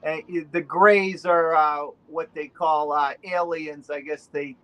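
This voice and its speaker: A man's voice: fairly high pitch, steady tone, unhurried, dull audio. A man with a Boston accent, chatting as a guest on a video call, rambling with plenty of fillers. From Rhode Island. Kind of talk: casual chat on a video call.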